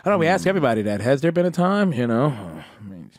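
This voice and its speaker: A man's voice: medium pitch, very animated, fast talker, dry recording. A man co-hosting a podcast, chatting casually and trading loose, profane banter with his guest. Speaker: podcast co-host.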